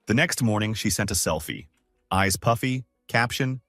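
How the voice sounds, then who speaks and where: A man's voice: lowish voice, animated, normal speed, a bit bright, dry recording, studio quality, faint music behind. A man narrating a first-person story with a scripted, dramatic delivery.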